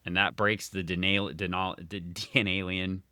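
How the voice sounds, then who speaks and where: A man co-hosting a casual comic book podcast, animated and dryly sarcastic. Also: sits low, normal speed, clear, resonant tone, dry recording, clean studio sound. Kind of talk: casual chat.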